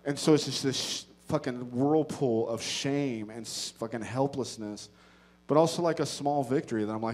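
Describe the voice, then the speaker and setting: A man doing stand-up, telling a story with profane, animated delivery that swings between loud outbursts and low muttered asides. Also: normal speed. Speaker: stand-up comedian. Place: comedy stage before a live audience.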